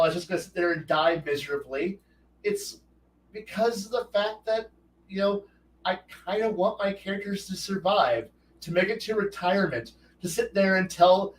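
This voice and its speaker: A rambling, profane man holds forth on tabletop gaming, often restarting his sentences. His voice sits a little high for a man. He sounds set back from the mic in an echoey room with a faint hiss behind him. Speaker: host. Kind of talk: casual rambling talk. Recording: roomy echo, distant from mic, faint noise.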